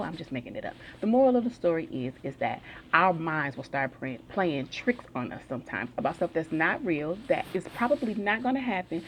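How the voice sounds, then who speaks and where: Low-pitched woman, motivational speaker, slangy storytelling delivery. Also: slight background noise. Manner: slangy, chatty storytelling with everyday examples. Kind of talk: casual self-help talk.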